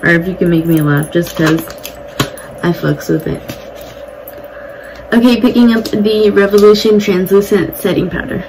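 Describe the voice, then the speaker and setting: A woman's voice: fairly low pitch, normal speed, pauses often, darkish tone, slight background noise, low-quality recording. A young woman chatting casually and bluntly while doing her makeup at home, swearing now and then. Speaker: beauty vlogger. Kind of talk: casual get-ready-with-me chat. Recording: music playing behind the voice. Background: music.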